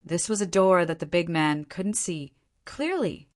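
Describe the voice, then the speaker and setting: A woman narrating an audiobook in an even, measured reading style. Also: lowish voice. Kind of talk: scripted narration.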